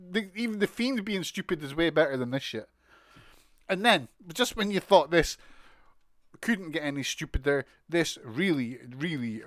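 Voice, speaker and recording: A man's voice: fairly high pitch, a bit bright, no echo, clean studio sound. A man with a British accent giving a casual, sweary, mocking recap of a wrestling show. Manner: sweary, mocking, exasperated ranting with laughs.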